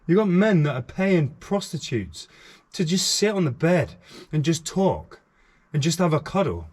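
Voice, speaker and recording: A man's voice: a little high, very animated, measured pace, a little mellow, husky. A middle-aged man talking frankly and earnestly to camera on his own vlog, repeating phrases for emphasis. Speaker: YouTube channel host.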